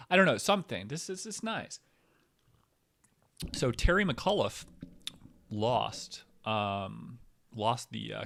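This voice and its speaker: A man's voice: medium pitch, fairly bright tone. A man hosting a comedy show, talking in a rambling, tangent-filled monologue with lots of fillers and restarts. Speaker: podcast host.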